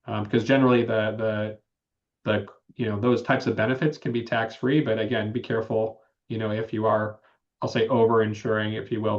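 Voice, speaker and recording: Male participant, monotone, slightly muffled line, chatty explainer. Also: mid-range voice. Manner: explanatory, hedging with "you know". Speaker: call participant. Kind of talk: casual webinar discussion.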